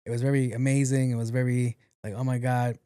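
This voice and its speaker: A young man tells a story on his podcast in a loose, profane way. His voice sits at an ordinary pitch, and the sound is close and dry. He acts out every quote with lively energy. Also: a little fast, clean tone, no room sound. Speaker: podcast host. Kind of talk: casual storytelling monologue.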